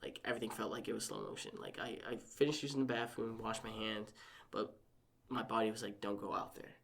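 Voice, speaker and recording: A young man, a podcast guest, telling a personal story in casual chat, animated and acting out quotes with lots of "like". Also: on the low side, fast talker, vocal fry.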